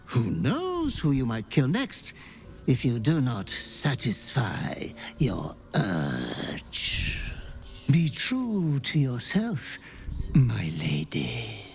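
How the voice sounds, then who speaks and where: Sinister male whisper-voice from a game, dragging and gravelly, rising and falling wildly. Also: medium pitch, wildly swooping pitch, soft background music, exaggerated voice. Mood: sinister, coaxing. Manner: slow, hushed, menacing. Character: sinister tempting male inner voice. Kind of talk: video game voice acting.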